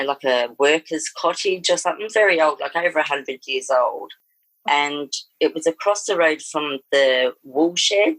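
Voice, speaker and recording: A woman's voice: low-pitched, no echo, low-quality recording. Rambling Australian woman telling a ghost story. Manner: rambling, many fillers and restarts. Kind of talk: casual storytelling.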